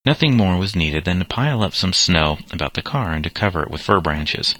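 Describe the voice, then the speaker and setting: Low, bright-toned male storyteller. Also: expressive, brisk, no echo. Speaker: narrator. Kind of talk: scripted narration, reading a novel aloud.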